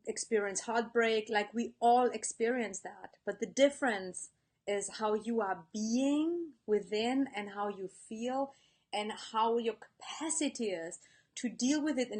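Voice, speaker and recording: Woman coach talking live to her viewers, earnest and heartfelt, middle pitch, chatty. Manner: earnest, warm-hearted, speaks to viewers directly; reads out viewer comments. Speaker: life coach. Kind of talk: live-stream motivational talk.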